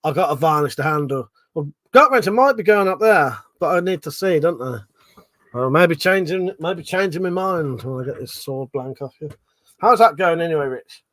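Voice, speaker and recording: A man's voice: on the high side, lively intonation, moderate pace, a bit bright. A man hosting a casual livestream, rambling, swearing freely and reading viewers' chat aloud. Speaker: livestream host.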